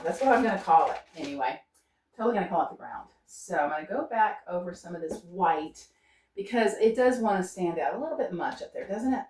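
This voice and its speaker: Low-voiced woman painting in an echoey studio. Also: lively intonation, a little fast, a little mellow, slight background noise. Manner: thinks aloud while painting, coaxing herself to stay loose. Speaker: painter demonstrating. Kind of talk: unscripted painting demonstration. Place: art studio. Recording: roomy studio sound from a distance.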